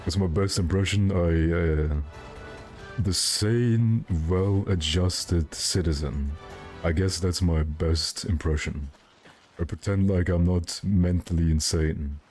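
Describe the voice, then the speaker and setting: A man's voice: low-pitched, takes it slowly, a little mellow, soft background music. A male streamer chatting casually and rambling, with self-mocking jokes while he plays. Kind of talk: casual gaming stream chat.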